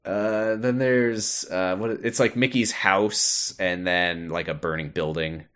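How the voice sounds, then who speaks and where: A man with a fairly low voice co-hosts a casual podcast, walking through a video game's story. He laughs often and slips into silly character voices whenever he quotes someone. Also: steady tone, slow, a bit bright, clear, resonant tone. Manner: laughs often, puts on cartoon voices when quoting. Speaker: podcast co-host. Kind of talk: casual game recap chat.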